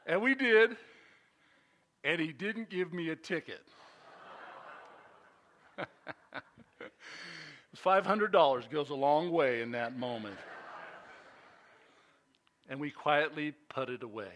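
An older man preaches with a high, ringing, bright voice. He tells a story on himself in a lively, self-mocking way, full of "uh"s and restarts. It stays a conversational sermon rather than a lecture. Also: takes it slowly, long pauses, a little hiss or hum. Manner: frequent fillers and restarts. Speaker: pastor. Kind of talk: sermon with personal anecdote.

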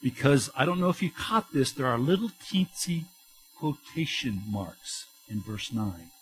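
A middle-aged man preaching a sermon, talking to the congregation in an animated, conversational way with emphatic rises and quick restarts. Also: medium pitch. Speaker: pastor.

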